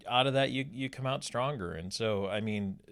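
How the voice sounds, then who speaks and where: A man's voice: mid-range voice, moderate pace, a bit bright. A man, a former hockey player and color commentator, reminiscing in an interview with frequent restarts and fillers.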